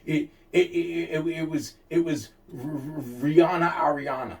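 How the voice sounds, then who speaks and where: A man's voice: on the high side, steady tone, moderate pace. Heated, profane man ranting. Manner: heated, profane, repeats himself and restarts often. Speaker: interviewee telling a personal story. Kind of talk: casual storytelling rant. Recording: distant mic.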